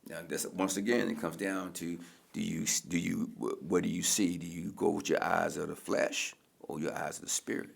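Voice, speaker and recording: A man's voice: sits low, flat delivery, normal speed, vocal fry, breathy edge. A middle-aged man from Baltimore, a mayoral candidate, telling a personal story emphatically in a preacherly way and often restarting his words. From Baltimore, USA.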